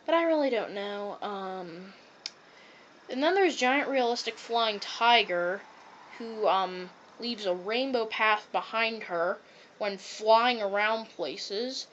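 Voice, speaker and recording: A woman's voice: mid-range voice, takes it slowly, a bit bright, muffled recording, slight background noise. A woman giving a rambling, casual rant review of a cartoon, full of "um" and "like" fillers.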